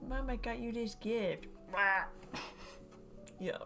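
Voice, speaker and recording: A woman's voice: on the high side, extremely slow, bright, forceful tone, faint music behind. Chatty young woman streaming a build. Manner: chatty, joking, laughs often. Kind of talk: casual chat while building model kits.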